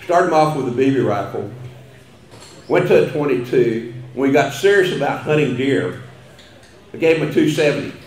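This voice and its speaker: A man's voice: medium pitch, animated, normal speed, pauses often. Folksy Texan man in an echoey hall. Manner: folksy storytelling with chuckles. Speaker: after-dinner speaker. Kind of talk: humorous banquet speech. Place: banquet hall.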